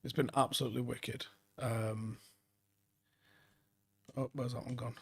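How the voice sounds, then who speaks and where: Man in his forties, gravelly voice, rambling football live-stream host, swears freely, mid pitch. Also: little pitch movement, unhurried. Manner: swears a lot, rambling and enthusiastic. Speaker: football YouTuber doing a late-night live stream. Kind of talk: casual live stream chat reading viewer comments.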